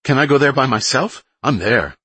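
A man's voice: mid-range voice, animated, normal speed, bright, forceful tone, slightly rough, no room sound, voice pushed up. A man voicing an envious, food-loving woman nurse with a thick Boston accent in an audiobook. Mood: thrilled.

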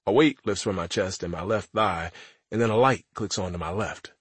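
A man's voice: deep voice, moderate pace, breathy edge, no room sound. A man narrating an audiobook in the first person as a teenage boy, with a wry, conversational delivery.

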